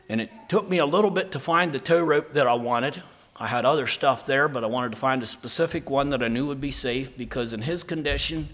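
A man preaching an emphatic sermon and telling a personal story, moving between soft earnest talk and loud, stressed lines. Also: mid-range voice. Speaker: pastor.

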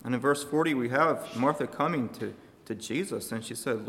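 A man preaching a sermon to his congregation, speaking emphatically and shifting his loudness for emphasis. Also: a little high, lively intonation, fairly quick, few pauses, in a large hall.

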